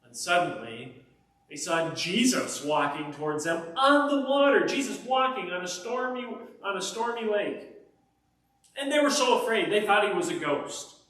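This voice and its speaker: Male pastor, kids' sermon storyteller, fairly high voice, heavy echo, recorded from far off. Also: normal speed. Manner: animated storyteller addressing kids. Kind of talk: children's message storytelling. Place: church. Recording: echoey church from far off.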